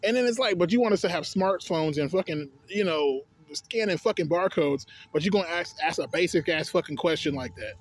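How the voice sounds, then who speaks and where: A young man rants in a loose, storytelling way. His voice sits a little higher than most men's. He swears freely, sounds exasperated, and laughs between his complaints. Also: expressive, fairly quick, few pauses. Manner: profane, exasperated, laughing asides. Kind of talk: casual storytelling rant.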